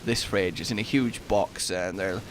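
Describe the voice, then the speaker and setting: A man in his twenties, chatting over gameplay and telling a funny story with excitable outbursts. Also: low voice, normal speed, slight background noise. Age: 20s. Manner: excitable anecdote-telling, bursts into loud exclamations. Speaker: gaming YouTuber.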